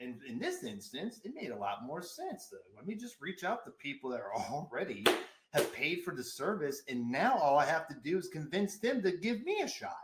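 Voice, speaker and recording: A man co-hosting a casual fitness podcast, an animated storyteller who swears and laughs a lot. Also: on the high side, normal speed, reverberant, noisy background. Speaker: podcast co-host and fitness trainer.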